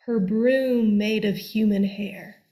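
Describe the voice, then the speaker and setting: A woman telling a folk tale aloud in a slow, deliberate, expressive way. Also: mid-range voice. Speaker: storyteller. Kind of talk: storytelling.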